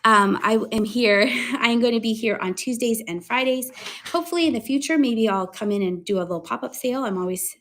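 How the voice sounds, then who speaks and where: A woman hosting a casual live-stream sale, chatting excitedly about her finds and laughing often. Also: a little high, a little fast. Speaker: live online seller showing thrift finds.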